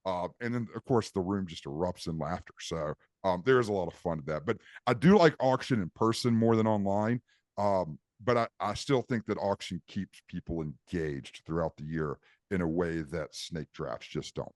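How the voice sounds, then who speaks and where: A man's voice: low voice, normal speed, darkish tone, no echo, studio quality. A man co-hosting a podcast, chatting casually and explaining things at length with many restarts. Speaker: podcast co-host. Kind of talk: casual chat.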